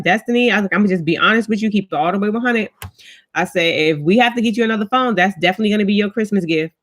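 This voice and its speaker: A woman's voice: on the low side, a bit bright. A woman, telling stories as she chats casually with viewers on a home live stream. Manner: chatty storytelling, greets commenters by name. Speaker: vlogger doing a live stream. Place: at home, indoors.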